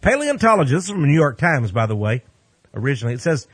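A man's voice: mid-range voice, sing-song, quick pace, husky, no room sound. A man speaking as a radio preacher, giving folksy preaching commentary on the news with exclamations, chuckling asides and frequent calls to his "friends.".

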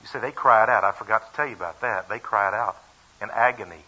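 A man preaches and tells a Bible story in a folksy, emphatic way, chuckling now and then. His voice is bright, a little high and husky. It comes through a dull, lo-fi radio broadcast. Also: fast talker. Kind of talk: sermon retelling a Bible story.

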